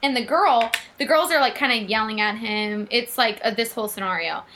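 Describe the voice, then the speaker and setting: Bright high-voiced young woman podcaster. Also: a little fast, a little hiss or hum. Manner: animated, swearing, acts out quotes. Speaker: podcast co-host. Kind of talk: casual storytelling chat.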